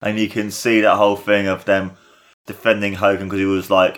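Low-voiced man gushing over an old match. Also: fast talker. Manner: gushing, excitable, full of "like" and "you know". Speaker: podcast host. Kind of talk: casual watchalong commentary.

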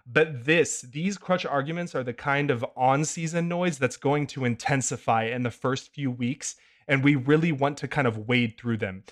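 A man hosting a sports podcast who talks in an opinionated, animated way. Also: mid-range voice, moderate pace, hardly any pauses. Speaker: podcast host. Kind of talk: casual podcast chat.

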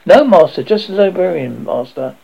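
A man puts on a fussy, nervous bursar who soothes and hedges as he answers. His husky voice sits high and swings about widely. The recording sounds dull and lo-fi. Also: expressive, moderate pace, warm tone, heavily acted. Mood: placating. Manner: hesitant, placating, nervous.

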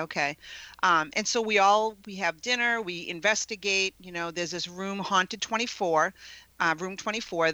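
A middle-aged woman, telling a ghost story as a radio interview guest, animated and laughing often. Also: fairly low pitch, no room sound, rough recording. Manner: animated, laughs often, acts out quoted voices. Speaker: guest paranormal investigator.

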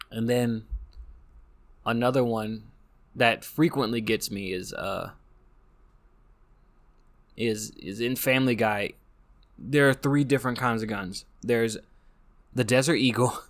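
An American man hosting a casual monologue, rambling and joking with frequent restarts. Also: mid-range voice. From United States. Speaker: podcast host.

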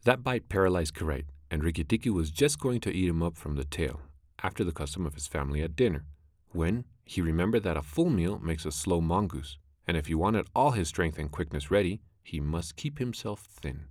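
A man narrating a classic animal story in a measured, expressive way. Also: low-pitched, no echo, studio quality.

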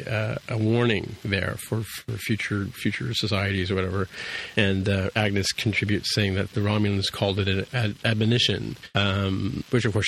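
A man's voice: fairly low pitch, a bit bright, a little hiss or hum, rough recording. A man casually recapping a TV episode for his co-hosts, rambling with lots of fillers and restarts. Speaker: podcast co-host recapping an episode. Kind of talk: casual chat.

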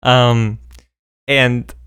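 A man's voice: medium pitch, level tone, drawn-out words, a bit bright, smooth, no echo, studio quality. A young man co-hosting a podcast, telling laid-back stories in casual chat and acting out the people he quotes. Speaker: podcast co-host.

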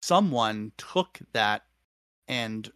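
A man co-hosting a podcast, recapping a show in a thoughtful, halting way with many restarts. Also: lowish voice, lively intonation, a bit bright, clean tone, dry recording. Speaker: podcast co-host. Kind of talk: casual recap chat.

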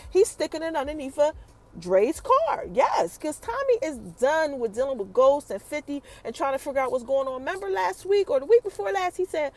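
A woman hosting a podcast and recapping a TV episode in a casual, chatty way. She talks straight to her listeners and fills her retelling with quick asides. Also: high-pitched, sing-song.

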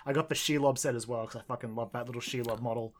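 Enthusiastic, sweary co-host. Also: male voice, mid-range voice, steady tone, rapid-fire. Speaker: podcast co-host. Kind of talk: casual podcast chat.

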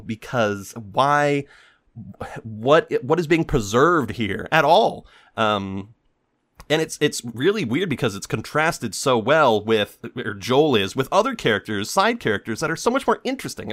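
A man's voice: mid-range voice, a bit bright. A man hosting a podcast, giving a rambling, sarcastic critique with lots of fillers. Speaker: podcast host. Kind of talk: casual critique monologue.

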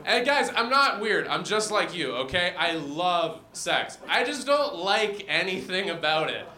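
A young man performing a stand-up comedy set with a deadpan, self-deprecating delivery. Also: high voice, unhurried. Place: comedy venue with audience. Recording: roomy venue sound.

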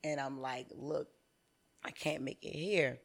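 A woman in her thirties, a comedian guest on a podcast, telling candid stories in an animated, profane way. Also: very deep voice, unhurried, creaky.

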